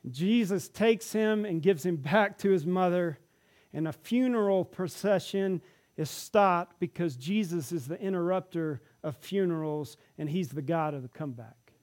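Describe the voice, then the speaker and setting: A man preaching a sermon in a church, retelling stories and acting out the characters' lines with animated delivery. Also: on the high side. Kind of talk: sermon storytelling.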